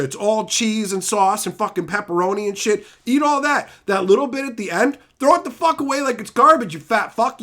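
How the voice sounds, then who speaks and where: A man streaming live, ranting loudly with constant swearing and insults, reading and mocking chat comments. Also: high voice. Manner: loud, swearing, insulting rants; reads chat comments aloud and mocks them. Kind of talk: profane livestream rant.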